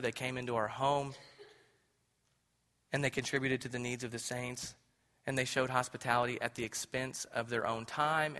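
A man in his thirties preaching a sermon as pastor, impassioned, swinging from hushed to loud. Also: medium pitch. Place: church sanctuary. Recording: echoey hall with long reverb.

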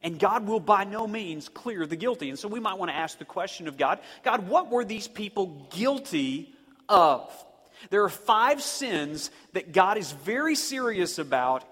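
A man with a high, bright tenor preaches to his congregation, leaning hard on key words and slowing down for emphasis. His voice rings out with the long reverb of a large church hall. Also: lively intonation. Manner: dynamic preaching, slows and punches key words. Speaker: pastor. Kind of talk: sermon. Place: church sanctuary.

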